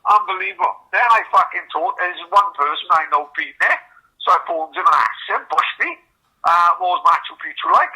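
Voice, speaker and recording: A British man co-hosting a podcast, telling stories in a crude, sweary, animated way. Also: high voice, a little fast, slightly rough, poor audio. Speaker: podcast co-host. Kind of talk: crude casual banter.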